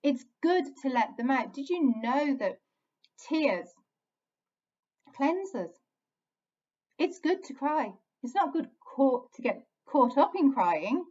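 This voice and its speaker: Gentle woman, slightly high voice. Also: sing-song, slow, long pauses. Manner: gentle, soothing, speaks in short repeated phrases. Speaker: inner child healing coach. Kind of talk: earnest self-help talk. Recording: dull lo-fi sound.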